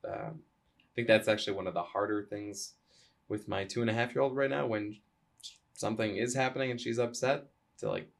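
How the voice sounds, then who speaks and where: Low gravelly voiced guy hosting a podcast, soft-spoken and thoughtful. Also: steady tone, fairly quick. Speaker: podcast host. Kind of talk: podcast conversation.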